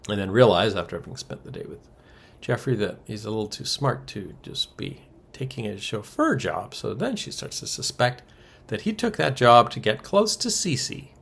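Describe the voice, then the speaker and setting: A man's voice: lowish voice, sing-song, moderate pace, gravelly, a bit bright, husky. A man co-hosting a podcast, casually recapping soap opera episodes with wry asides and chuckles. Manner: wry, chuckles through summaries, many ums and uhs.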